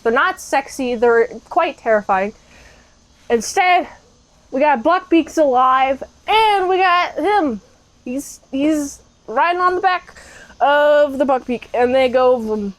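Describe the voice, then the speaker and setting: A woman's voice: a little high, rough recording. A woman giving a casual, jokey recap of a movie. She chats with lots of fillers and acts out the characters as she goes. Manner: chatty with frequent fillers. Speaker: movie reviewer.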